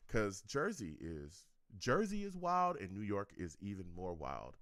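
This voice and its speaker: Animated man hosting a sports live stream. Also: lowish voice, measured pace, dry recording, studio quality. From California. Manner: animated, laughs often, repeats phrases. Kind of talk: casual live-stream chat reading comments.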